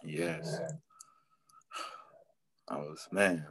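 A man, a football player telling a story in an interview and acting out quotes with big jumps in pitch, laughing often. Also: fairly even intonation, extremely slow, fairly bright tone, breathy edge, no echo.

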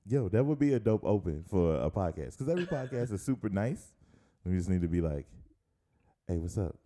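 Mellow-voiced chatty podcast co-host man. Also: fairly low pitch, very animated, brisk. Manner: chatty storyteller, laughs often. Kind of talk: casual podcast banter.

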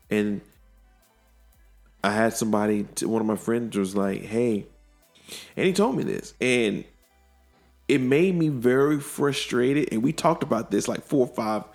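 A man's voice: fairly low pitch, vocal fry, darkish tone. A man hosting a podcast, earnestly retelling conversations with friends in casual chat.

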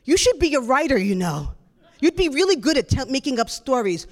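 A woman voicing her blunt, dismissive adult brother, mocking at first and then flatly calm, inside a story told in a reverberant hall. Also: sits high, brisk. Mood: scoffing.

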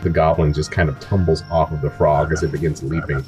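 A man's voice: a bass voice, little pitch movement, fast, over loud music. A young adult man narrating as game master, loose and casual with lots of kinda and like.

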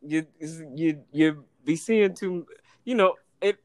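A man tells a story casually, slipping into voices for the people in it and laughing along the way. His voice sits a little high. The recording is close and dry, with almost no room sound. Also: slow, no room sound. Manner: animated, acts out voices in anecdotes, laughs often.

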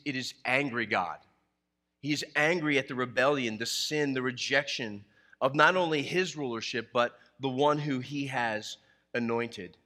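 A man's voice: mid-range voice, sharp tone, in a large hall. A middle-aged man preaching a sermon as pastor, conversational and emphatic, often restarting his phrases.

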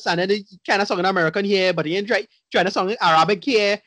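A man's voice: high voice, quick pace, a bit bright, dry recording. A man in casual podcast chat reviewing a movie, blunt, rambling and profane.

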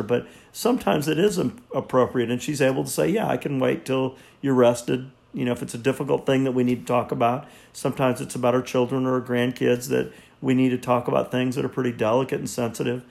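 Older male counselor in his sixties, earnest, halting, slightly gravelly, mid-pitched. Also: steady tone, darkish tone. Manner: earnest, halting, repeats words. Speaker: marriage counselor. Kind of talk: reflective teaching monologue.

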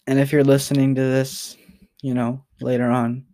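A man's voice: mid-range voice, flat delivery, moderate pace, mellow. A young man talking straight to the camera in a personal vlog message. He rambles and halts, repeats himself, and sounds close to tears. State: emotional, near tears.

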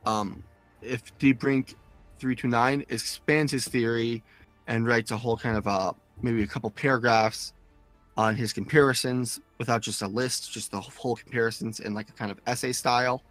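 A man co-hosting a podcast, reading listener comments aloud in a casual, halting way. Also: mid-range voice, fairly even intonation, fairly bright tone, faint music behind. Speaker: podcast co-host. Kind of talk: casual chat.

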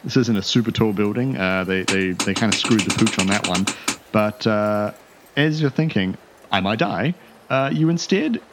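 A man's voice: medium pitch, slight background noise. A man narrating a tabletop game as game master, in a loose, rambling way full of fillers.

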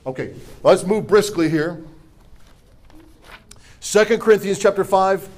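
Unhurried and high-voiced, a middle-aged pastor preaches a sermon. Scripture readings and call-and-response with the congregation are punctuated by humorous asides and forceful declarations.

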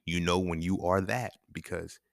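A man's voice: low-pitched, steady tone, moderate pace, creaky, dry recording, studio quality. A man hosting a podcast, talking in a casual, emphatic and profane monologue, chuckling between points. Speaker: podcast host.

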